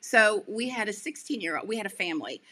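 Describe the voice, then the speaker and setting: Woman guest, bright and lively storyteller, chatty, keeps correcting herself. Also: fast. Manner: lively, acts out quoted voices with big pitch jumps; chatty, self-correcting, many fillers. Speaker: guest, accessibility advocate. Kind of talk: animated storytelling in a podcast interview.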